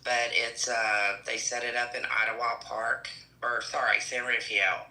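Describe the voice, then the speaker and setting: A man's voice: medium pitch, flat delivery, a little slow, bright, forceful tone, reverberant, rough recording. A man in a casual group call, telling a long story and correcting himself as he goes. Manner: rambling, self-correcting storyteller. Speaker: group member.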